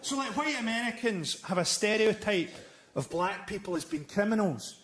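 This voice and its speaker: High-voiced Scottish comedian, deadpan. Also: male voice, normal speed. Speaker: stand-up comedian. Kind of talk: stand-up comedy set. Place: live comedy stage before an audience. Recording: live show with loud ambient noise.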